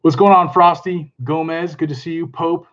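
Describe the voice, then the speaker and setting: A man chatting casually on a live stream, excitable and talkative, greeting viewers and laughing often. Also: fairly high pitch, moderate pace, highs cut off. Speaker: comic book vlogger hosting a live stream.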